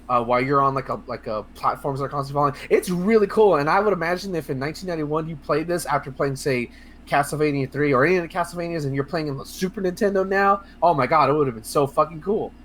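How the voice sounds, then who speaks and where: A man co-hosting a casual video game podcast, talking in a rambling, excitable way with lots of fillers, restarts and swearing. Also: fairly high pitch, fast, a little hiss or hum. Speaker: podcast co-host. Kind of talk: casual podcast chat about video games.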